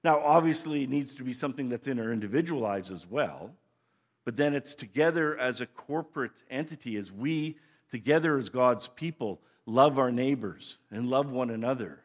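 A man's voice: medium pitch, lively intonation, moderate pace. A man teaching scripture as a pastor in a conversational, explanatory way, often restarting his phrases. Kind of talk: sermon teaching.

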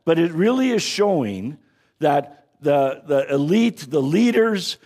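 A man with a somewhat high, husky voice gives a relaxed lecture on scripture. He talks conversationally, often checks in with his listeners and restarts his phrases as he thinks aloud. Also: slow pace. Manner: frequent restarts and repeated words. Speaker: Bible teacher. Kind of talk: casual lecture.

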